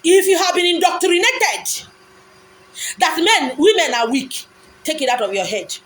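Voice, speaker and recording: A woman's voice: very high-pitched, lively intonation, measured pace, a bit bright, rough recording. A woman with a Nigerian accent giving an impassioned, preachy monologue, full of rhetorical questions and insistent repetition. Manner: repetitive, insistent phrasing with pidgin asides.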